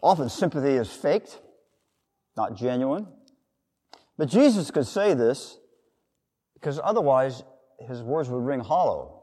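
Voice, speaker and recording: A man preaching a sermon, his voice rising and falling with lively inflection. He talks in a loose, conversational way and acts out little quotes. The sound hangs in a big hall with a long tail of reverb. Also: medium pitch, unhurried, long pauses, husky. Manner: conversational, with acted-out quotes and asides.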